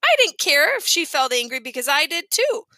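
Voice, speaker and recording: A woman narrating a children's audiobook in a clear, even storytelling manner. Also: sits high, normal speed, no room sound. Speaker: audiobook reader.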